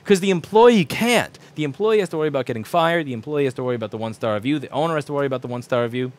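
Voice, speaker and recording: A man's voice: medium pitch, rapid-fire. A man in his thirties, a repair shop owner, ranting casually to camera, profane, acting out quoted people in shifting voices.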